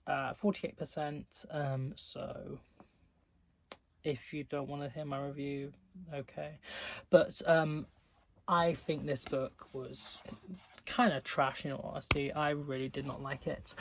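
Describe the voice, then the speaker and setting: A man's voice: fairly high pitch, fairly even intonation, measured pace, a little hiss or hum. A man talking casually in a reading-update vlog, ranting in exasperation and filling his talk with "like" and swearing. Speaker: book vlogger.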